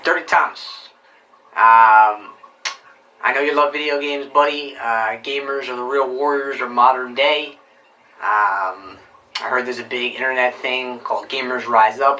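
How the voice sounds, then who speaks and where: A man doing a halting wannabe mafia guy, distant and bright. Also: medium pitch, lo-fi sound, slight background noise, lightly acted. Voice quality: halting, ums between lines. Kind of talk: recorded video shout-out.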